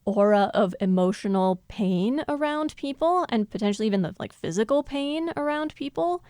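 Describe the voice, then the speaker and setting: Podcast co-host, woman, thoughtful and quick to laugh, clean smooth tone. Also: fairly high pitch, expressive, a little mellow, no echo. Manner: thoughtful, laughs often while explaining. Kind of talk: casual analytical chat.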